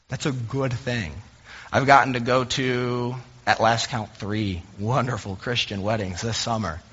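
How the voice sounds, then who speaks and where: A man preaching from the pulpit, slipping easily between light storytelling and earnest points. His voice carries a husky, slightly breathy edge, and the dull recording sits in a long, reverberant church hall. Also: mid-range voice, fairly bright tone. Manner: conversational, self-deprecating storytelling. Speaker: pastor. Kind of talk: sermon with humorous anecdotes. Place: church sanctuary.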